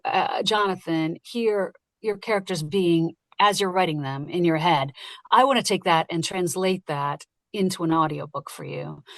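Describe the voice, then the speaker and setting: A woman who narrates audiobooks, talking casually and lively in an interview and laughing easily. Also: lowish voice, no echo. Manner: lively, chatty, quick to laugh.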